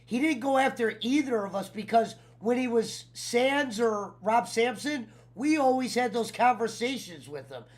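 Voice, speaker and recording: A man hosting a casual podcast chat, animated and laughing, stumbling over his words as he tells stories. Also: extremely high pitch, moderate pace, hardly any pauses. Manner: animated, laughing, swearing, repeats himself. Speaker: podcast host.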